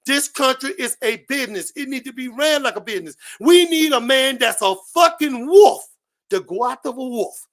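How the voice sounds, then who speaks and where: Fiery, shouting man ranting hard. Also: very high-pitched, expressive, moderate pace. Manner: shouting, preachy, repetitive, heavy swearing. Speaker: panel guest on a live stream. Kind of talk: impassioned profane political rant.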